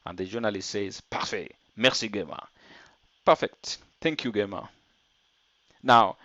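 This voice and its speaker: A man's voice: on the low side, vocal fry, no room sound, highs cut off. A man teaching an online French lesson, explaining step by step and translating French phrases into English.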